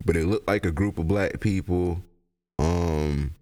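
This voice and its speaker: A young man, high and rambling through a casual, profane solo podcast rant. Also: a little slow, warm tone. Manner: rambling, profane, laughs a lot. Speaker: podcast host.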